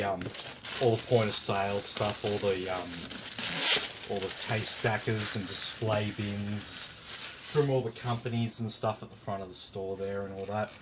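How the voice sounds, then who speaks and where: A man's voice: lowish voice, background noise. An Australian man chatting casually while building a PC, rambling through a story with lots of fillers and the odd swear word. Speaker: PC builder hosting a live stream. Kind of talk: casual chat while working.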